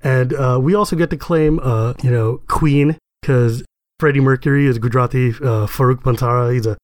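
Animated young man, dry close sound. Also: moderate pace, no room sound. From United States. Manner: animated, laughs often, jumps high in pitch when excited. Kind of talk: casual chat.

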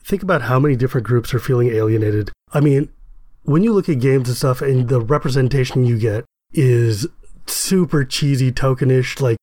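A young American man in casual chat, animated and laughing often, his pitch leaping up when he gets excited. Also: moderate pace, no room sound, studio quality. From United States.

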